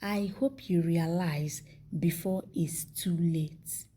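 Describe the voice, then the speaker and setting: A woman's voice: on the low side, fairly even intonation, slow pace, warm tone, slight background noise. A woman reading a stern, protective older friend. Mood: stern, caring.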